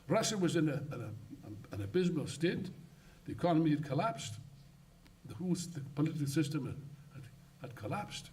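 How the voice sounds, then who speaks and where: An older man giving an impassioned, rambling congress speech, swinging from loud outbursts to muttered asides. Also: sits high, very animated, normal speed, recorded from a distance. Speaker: political speaker. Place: conference hall.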